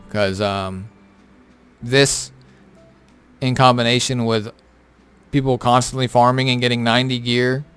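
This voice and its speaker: A man's voice: medium pitch, a bit bright, clean tone. A tired man who has been up all night, casually going over game patch notes with lots of fillers and offhand remarks. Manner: rambling, filler-heavy, offhand. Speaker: gaming content creator.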